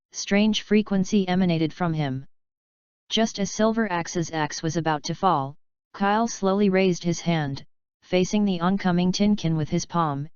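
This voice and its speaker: A woman narrating an action story in a steady, even storytelling manner. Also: on the low side, clear, resonant tone, no room sound. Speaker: audiobook narrator. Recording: dry, slightly dull lo-fi sound.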